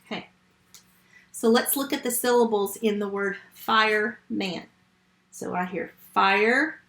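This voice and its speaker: Slow, patient woman teaching phonics. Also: mid-range voice, fairly bright tone, reverberant. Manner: slow, patient, step-by-step teaching to young children. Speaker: first grade teacher. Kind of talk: remote phonics lesson.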